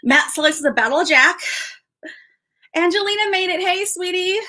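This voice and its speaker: Bright, excitable woman live-streaming. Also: very high-pitched, normal speed, slight background noise. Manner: excited, rambling, many restarts and fillers. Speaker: livestream host. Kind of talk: casual live-stream chat.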